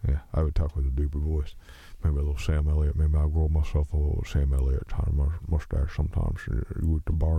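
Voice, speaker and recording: A man's voice: very deep voice, steady tone, brisk, creaky, hardly any pauses, slightly rough, no echo, dull audio. A man with a slight Texas twang, rambling loosely and joking at his own expense as he hosts a solo podcast. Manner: loose, joking, meandering, self-mocking. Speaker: podcast host.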